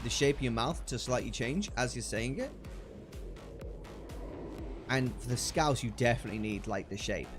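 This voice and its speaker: A man chatting casually on a live stream while gaming, excitable and quick to laugh, often restarting his sentences. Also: mid-range voice. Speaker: livestreamer.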